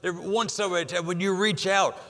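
An older man preaching with a high, bright voice that carries through a reverberant hall. He delivers his sermon emphatically, repeating key phrases, slowing down to stress some lines and dropping others low. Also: fairly even intonation. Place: church sanctuary.

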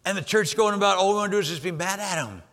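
A man's voice: sits high, racing, fairly bright tone. Older male preacher in a reverberant hall. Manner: emphatic, rising and dropping for effect, repeats phrases. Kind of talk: sermon. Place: church sanctuary.

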